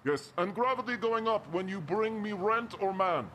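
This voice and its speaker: A man's voice: high-pitched, lively intonation, moderate pace, a bit bright, slight background noise. A man voicing a friendly building supervisor who speaks broken English and drops his articles. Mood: chatty.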